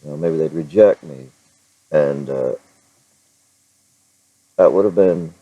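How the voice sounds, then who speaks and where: A man with a very low voice chats loosely to his camera, circling back and restarting his sentences. The sound is dry and a little dull, like a built-in camera mic. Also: slow, warm tone, no room sound. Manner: rambling, self-interrupting, chuckles often. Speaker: vlogger. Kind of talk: casual vlog talk to camera.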